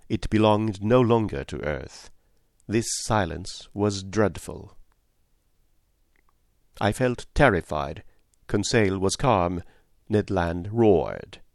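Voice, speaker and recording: A man narrating a classic novel in a measured, formal first-person style. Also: on the low side, dry recording, studio quality. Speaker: audiobook narrator.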